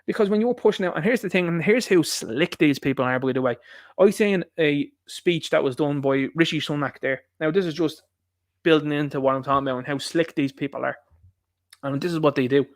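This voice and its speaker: Fast-talking, indignant Irish man. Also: on the high side, dry recording, studio quality. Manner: indignant ranting with rhetorical questions. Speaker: live stream host. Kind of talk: opinionated political monologue.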